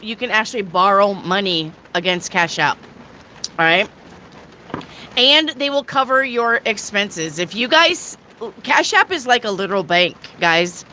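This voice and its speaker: Reading tarot cards live and casually for viewers, a woman talks at a slow, chatty pace, cracking jokes and dropping the odd crude remark. Her clear, bright voice is a little high, and faint ambient noise hums in the background.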